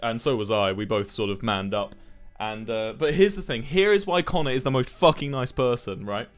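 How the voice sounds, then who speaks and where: A young man chatting casually to his stream viewers, telling stories in a rambling, animated way with plenty of swearing. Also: medium pitch, normal speed, faint music behind.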